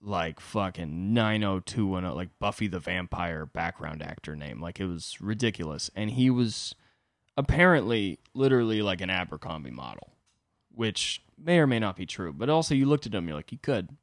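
A young man hosts his own podcast, telling a comedic story full of profane, rambling asides. His voice sits fairly low but swings widely in pitch. The sound is close and dry. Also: expressive, normal speed, no echo. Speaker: podcast host.

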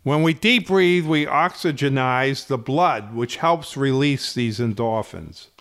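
A man who runs a fitness channel, explaining health topics in slow, deliberate, emphatic phrasing. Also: mid-range voice, a bit bright, no echo, clean studio sound. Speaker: fitness instructor. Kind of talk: slow explanatory talk to camera.

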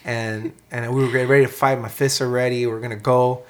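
A man in casual chat, telling a story in an animated, profane way, with lots of "man" and "dude". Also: mid-range voice, fast talker, few pauses, slight background noise.

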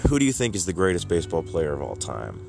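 A man's voice: low-pitched, huge pitch swings, fast, vocal fry, over music, heavily acted. A man voicing a folksy drifter who shows off a talking dog, speaking in a drawling, wheedling way.

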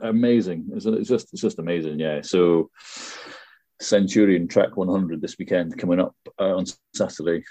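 A man's voice: deep voice, moderate pace, mellow. A man co-hosting a podcast in casual chat, dry and teasing, often restarting his sentences. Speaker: podcast co-host.

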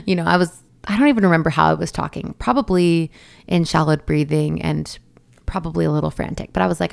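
A young woman tells her story in a loose, chatty monologue, laughing now and then and wandering into side notes. Her voice sits a touch low and has a gravelly fry. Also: a little fast. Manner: chatty, laughs often, many fillers and asides. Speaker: new mother telling her birth story.

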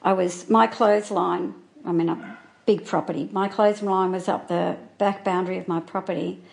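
A woman being interviewed, recalling events from years ago in halting, earnest speech that often restarts mid-sentence. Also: on the low side, fairly even intonation, vocal fry. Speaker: interviewee, former neighbour and friend. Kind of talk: recounting memories in an interview.

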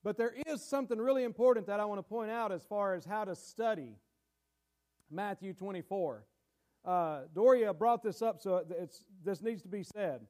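High-voiced man teaching a sermon. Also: normal speed, a little mellow. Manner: conversational, with many fillers and restarts. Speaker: pastor.

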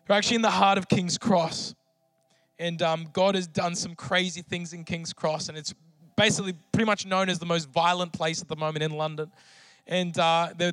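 A man's voice: on the high side, a bit bright, smooth, dry recording. A man preaching a sermon with emotional testimony, pleading and impassioned as he leads prayer in church. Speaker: pastor.

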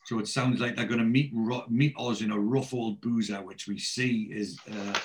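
A man's voice: lowish voice, fairly even intonation, normal speed, background noise. A man retelling a television episode in casual chat, swearing freely and rambling with restarts. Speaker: podcast co-host. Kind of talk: casual chat recapping a TV show.

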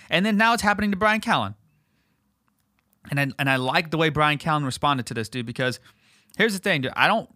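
A man rants on his podcast, swearing freely and tossing in dude and dog. His voice is bright and forceful, a touch high, and it leaps up in pitch and volume when he gets heated. The sound is dry and close. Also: no echo. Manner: profane, fired-up, calls listeners dude and dog; jumps to higher, louder pitch when worked up. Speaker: podcast host. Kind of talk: heated casual rant.

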